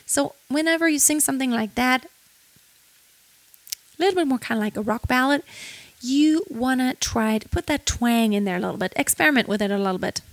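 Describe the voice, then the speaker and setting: With a fairly high, fairly bright voice and no echo, a woman teaches vocal technique. She describes each point and follows with brief sung lines as demonstrations.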